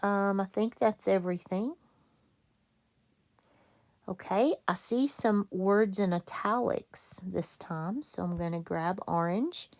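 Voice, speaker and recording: A woman teacher leading a reading lesson for children, patient and quick to correct herself. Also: mid-range voice, a little mellow. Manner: slow, patient, self-correcting.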